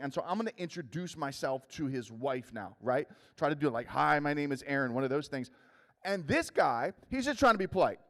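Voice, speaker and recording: A man giving a comedic youth sermon, teasing the crowd with quick questions and telling a rambling story full of fillers. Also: high-pitched. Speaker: youth speaker. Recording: long hall reverb.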